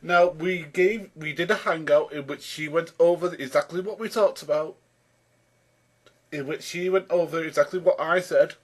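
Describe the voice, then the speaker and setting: A man's voice: a little high, fairly even intonation, moderate pace. A man giving an argumentative response commentary, exasperated, often calling his opponent by name and restarting his sentences as he builds each point. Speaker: YouTube commentator rebutting a video.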